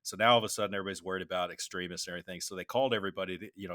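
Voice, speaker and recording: A man's voice: low-pitched, steady tone, racing, pushed and bright, no echo, studio quality. A middle-aged man, a military veteran and podcast co-host, telling rambling anecdotes with lots of restarts. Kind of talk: casual conversational storytelling.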